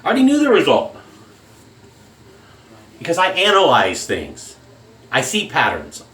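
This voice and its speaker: A man with a drawl vents in a blunt, profane home-video rant. His voice sits a little high for a man. The sound bounces around a hard, echoey room. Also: wildly swooping pitch, a little slow, fairly bright tone. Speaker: shaving vlogger. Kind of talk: angry political rant.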